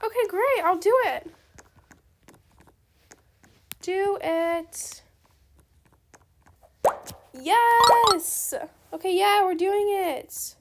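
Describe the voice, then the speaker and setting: A young woman with a very high voice chatters through her game trades in a casual, excitable commentary, talking straight to her viewers. A faint noise hums under the recording. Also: slow, pauses often. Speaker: gaming video creator.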